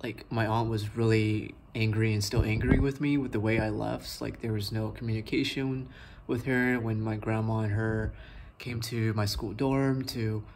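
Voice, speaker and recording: A young adult man vlogging a personal story, talking in a halting way full of likes and ums. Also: fairly low pitch, steady tone, darkish tone, a little hiss or hum.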